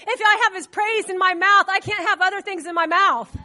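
A woman preacher with a very high, ringing voice delivers a sermon. She talks to her listeners in a casual way. She keeps asking them questions and fills her sentences with little asides. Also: steady tone, fairly quick, sharp tone. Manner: conversational, asks the congregation questions; loose with fillers.

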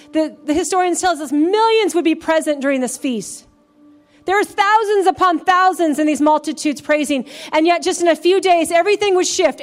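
A woman pastor preaching a sermon in a church, building to fervent, emphatic calls to praise. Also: high voice. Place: church sanctuary.

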